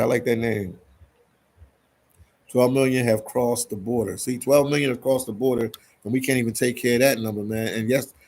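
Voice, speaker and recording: This laid-back live-stream host from Philadelphia reads out viewer comments, often throwing in "man." He speaks at a medium pitch with a slightly mellow quality.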